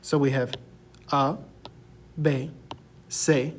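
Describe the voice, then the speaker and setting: A young man teaching a recorded class lecture, saying each word slowly and clearly for students to repeat. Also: medium pitch, fairly even intonation, a little hiss or hum. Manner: slow, deliberate, drills words for repetition.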